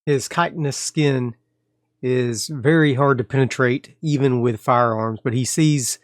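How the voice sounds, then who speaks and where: A man hosting and narrating a solo tabletop horror game, telling the story in a loose, relaxed way with fillers and restarts. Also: medium pitch, a little slow, no room sound, studio quality. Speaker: game master and host of solo tabletop play.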